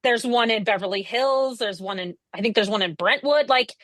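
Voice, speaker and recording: Bright-voiced enthusiastic woman podcaster. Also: dry recording. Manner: enthusiastic, halting restarts, pitch leaps up when excited. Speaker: podcast co-host. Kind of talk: casual comedic chat.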